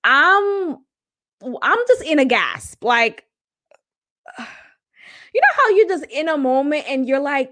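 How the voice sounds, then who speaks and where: A woman's voice: high-pitched, lively intonation, a little slow, pauses often, a bit bright, dry recording, clean studio sound. A young woman of Haitian roots, a podcast host telling a personal story in casual, candid talk and swearing freely.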